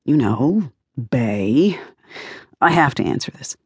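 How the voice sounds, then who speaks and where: Lady narrator doing a brash middle-aged producer dude, low and curt, barely paying attention. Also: sing-song, slow pace, a little mellow, slightly rough, dry recording, clean studio sound, heavily acted. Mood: conspiratorial. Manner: curt, offhand, phone-distracted. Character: brash fifty-ish male film producer, distracted.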